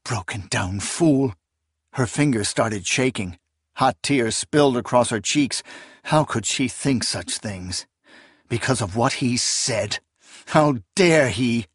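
A man narrating a fantasy novel in an audiobook with measured, even storytelling. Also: mid-range voice, husky, no echo, studio quality.

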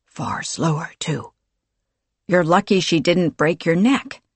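A man's voice: on the high side, animated, takes it slowly, breathy edge, no room sound, exaggerated voice. A narrator voicing a wry, ironic male arbiter. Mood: wry, dry. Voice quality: dry, ironic. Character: wry male arbiter, dry and mock-innocent.

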